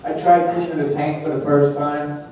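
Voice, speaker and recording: A man's voice: a little high, level tone, moderate pace, warm tone, slight background noise. A man doing a crude, self-deprecating stand-up set in a comedy club, slipping into silly voices. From New Jersey. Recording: echoey club heard from a distance.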